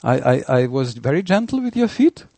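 A man acting out a fussy man who cannot see why his guest is upset, in a high pleading tone. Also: big pitch swings, normal speed, gravelly, mellow, no room sound. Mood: mock-innocent. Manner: high, pleading, mock-innocent.

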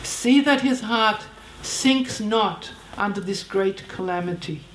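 A woman's voice: medium pitch, slow pace, slight background noise, close to an everyday voice. A woman voicing a grieving old queen mother. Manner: formal, archaic blessing. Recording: roomy echo.

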